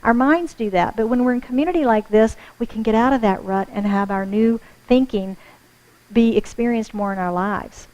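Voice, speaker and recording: A woman's voice: fairly high pitch, normal speed, muffled recording. A woman minister with an American accent, preaching a sermon to her congregation in a friendly, conversational way. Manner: warm conversational preaching with audience asides. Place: church sanctuary.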